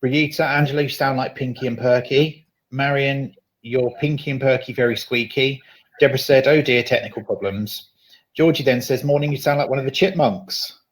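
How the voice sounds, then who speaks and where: A man co-hosting a web show, reading out viewer comments in a steady, matter-of-fact way. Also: medium pitch, normal speed, poor audio. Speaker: co-host.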